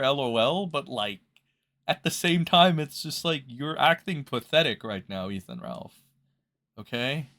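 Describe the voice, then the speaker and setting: A man's voice: mid-range voice, a bit bright. A man hosting a reaction commentary, ranting in a profane, mocking way. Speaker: commentary host.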